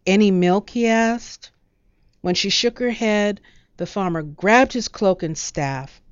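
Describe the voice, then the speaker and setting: A woman narrating a storybook in a measured, expressive reading. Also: medium pitch, clean tone, dry recording, lo-fi sound.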